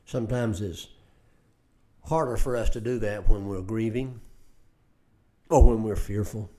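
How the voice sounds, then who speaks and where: A man's voice: on the low side, unhurried, dark tone. Earnest older man preaching. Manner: earnest, repeats words when starting phrases. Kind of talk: radio Bible teaching.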